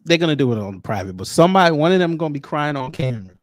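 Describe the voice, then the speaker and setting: A man's voice: fairly high pitch, very animated, rapid-fire, no echo, studio quality. A man chatting casually as a guest on a call-in show, joking and stumbling over his words. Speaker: guest contributor. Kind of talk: casual chat.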